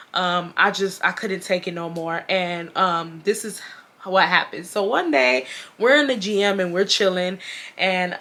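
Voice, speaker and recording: A young woman from Houston, Texas telling a storytime to her viewers, blunt and profane, with an animated delivery. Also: medium pitch. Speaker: storytime vlogger. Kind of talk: casual storytelling to camera.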